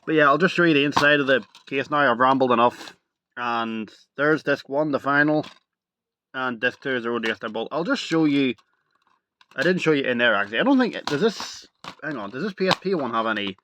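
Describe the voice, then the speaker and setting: A young man talking casually to camera as a video reviewer, rambling and excitable, full of "like" and "literally". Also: medium pitch, a little fast, slight background noise.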